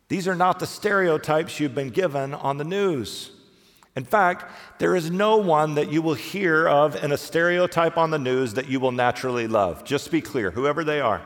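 A middle-aged male pastor preaching a sermon in a conversational way, often acting out the voices of the people he quotes. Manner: conversational preaching, acts out quoted voices, pitch swings widely. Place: church sanctuary. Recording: reverberant church hall.

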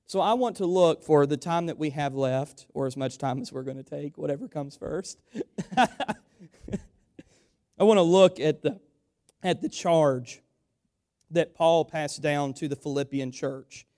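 A man's voice: fairly high pitch, a little slow, darkish tone. A man preaching a sermon to his church, building to emphatic, repeated exhortations and calling his listeners "church".

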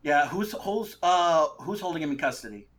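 Game master, a man with a fairly high voice, stumbling through narration. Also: animated, fairly bright tone. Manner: halting, full of fillers and restarts.

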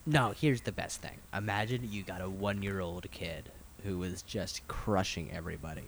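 A man's voice: deep voice, moderate pace, a little hiss or hum. A man co-hosting a casual motorsport podcast, with a dry, teasing way of talking. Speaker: co-host.

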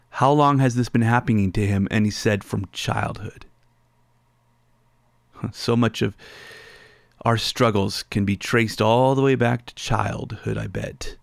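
A man's voice: mid-range voice, vocal fry, dry recording, clean studio sound. A man preaching a sermon, reading scripture aloud and explaining it line by line. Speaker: pastor.

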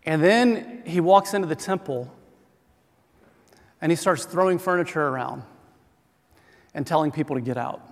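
Preaching from the pulpit, a middle-aged pastor speaks at normal speed with frequent pauses, his voice a bit higher than most men's. He keeps things relaxed and conversational with self-deprecating humor, and a long reverb carries his words through the sanctuary.

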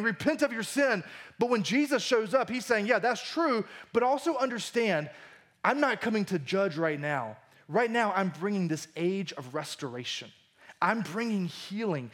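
High-voiced man preaching a sermon. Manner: conversational preaching, swings between emphatic and hushed. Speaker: pastor.

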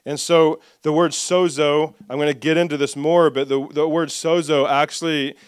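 A male pastor preaching with call-and-response, reading scripture aloud and dropping soft for asides. His voice sits fairly high and smooth, and the sound is dry and close. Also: normal speed, dry recording. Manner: lively, drops soft for asides. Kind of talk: sermon.

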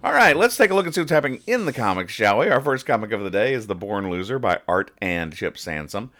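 Man, podcast host, low voice, lively swings in pitch, rambling jokey delivery. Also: fast. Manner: rambling, joking, explains the punchlines. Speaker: podcast host reading comics. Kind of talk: casual comedic podcast chat.

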